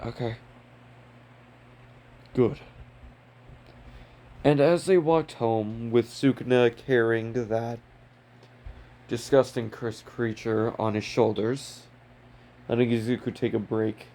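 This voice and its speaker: A man's voice: medium pitch, steady tone, unhurried, warm tone. A man casually narrating a fan-made story, off the cuff and loose. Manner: casual, off-the-cuff, occasional swearing.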